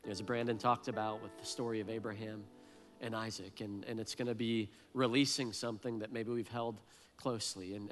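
A man's voice: mid-range voice, fairly bright tone. A man in his thirties preaching a heartfelt sermon, earnest and emotional, often repeating his words. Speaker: pastor.

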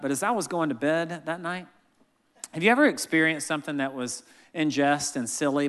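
Bright-voiced man preaching in a reverberant hall. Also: a little high. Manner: animated storytelling, acts out family members' voices. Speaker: pastor. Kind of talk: sermon with family stories.

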